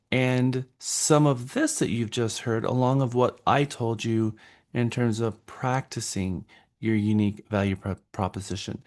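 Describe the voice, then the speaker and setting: A man's voice: mid-range voice, a little mellow. Texan guy running a real estate class, encouraging, coachy. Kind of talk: classroom training talk.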